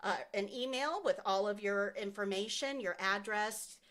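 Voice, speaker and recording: A woman's voice: mid-range voice, moderate pace, fairly bright tone. A woman who teaches nursing assistants, chatting upbeat with viewers on a live stream and answering their comments. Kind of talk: casual live stream chat.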